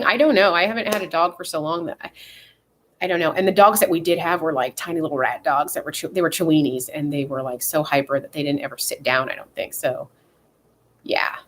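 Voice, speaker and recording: A woman's voice: mid-range voice, a little hiss or hum. A young adult woman vlogging in casual chat, rambling and swearing freely, with lots of fillers. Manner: rambling and profane, with frequent fillers.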